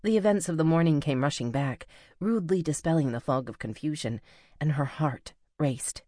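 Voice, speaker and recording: A woman narrating a novel as an audiobook reader, in a measured, even storytelling manner. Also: deep voice, no echo, clean studio sound. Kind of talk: scripted narration.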